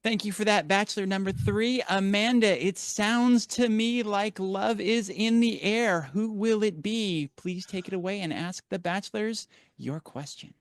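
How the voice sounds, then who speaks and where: Man, mock game show host, showy announcer delivery, high voice, smooth, dry close sound. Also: unhurried, no room sound.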